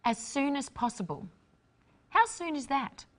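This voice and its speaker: A woman presenting an English lesson with clear, deliberate, instructive delivery. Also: sits high, very animated. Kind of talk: scripted teaching narration.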